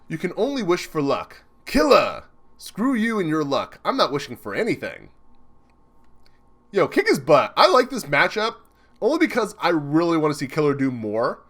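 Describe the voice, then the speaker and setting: A young man excitedly commenting live as he reads a comic chapter, chatty and laughing often. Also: fairly high pitch. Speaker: streamer reacting to a manga chapter.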